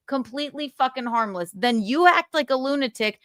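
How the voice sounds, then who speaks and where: A woman's voice: high-pitched, animated, moderate pace, hardly any pauses, a bit bright, no echo, studio quality. A woman hosting a livestream, chatting indignantly about a feud, swearing often and reading out messages. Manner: indignant, swears a lot, reads out texts. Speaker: livestream host. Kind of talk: casual gossip chat.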